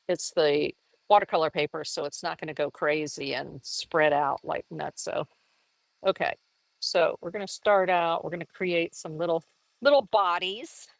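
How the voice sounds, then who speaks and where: A woman giving a casual live painting lesson, chatty and upbeat, laughing often and jumping into high exclamations. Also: vocal fry, dry recording, low-quality recording. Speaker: art teacher.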